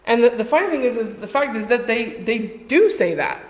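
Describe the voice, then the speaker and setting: A woman's voice: a little high, sing-song, a little fast. A woman giving an informal, conversational sermon in a church, telling the story with quoted voices. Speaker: preacher. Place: church hall. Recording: echoey hall with long reverb.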